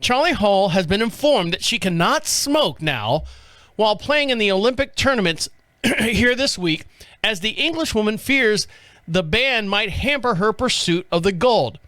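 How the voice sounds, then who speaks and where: A man with a fairly high voice hosts a podcast, rambling off the cuff and cursing casually as he reads and riffs. The sound is dry and close, with no room echo. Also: expressive, unhurried, sharp tone. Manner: rambling, off-the-cuff, swears freely. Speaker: podcast host. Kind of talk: casual commentary.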